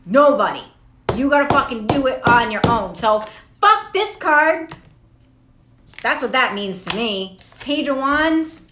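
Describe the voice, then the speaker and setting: A woman gives a casual tarot reading, rambling through stories with lots of swearing and laughter. Her voice is bright and forward. It sounds echoey, as if recorded in a bare room. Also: sits high, expressive, a little slow, slight background noise. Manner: profane, laughing, rambling storyteller. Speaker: tarot reader.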